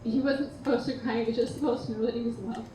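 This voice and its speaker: A woman's voice: on the high side, steady tone, fast talker, over music. A woman giving a heartfelt eulogy and toast for her late partner at a memorial gathering. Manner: heartfelt, tender storytelling. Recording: echoey room, distant mic, background noise.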